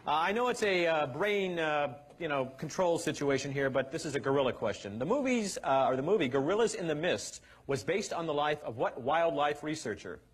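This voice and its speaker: Lively, high-voiced male game show host. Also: a little fast, hardly any pauses, husky. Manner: energetic, teasing, shouting over the action. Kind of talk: comic game show hosting.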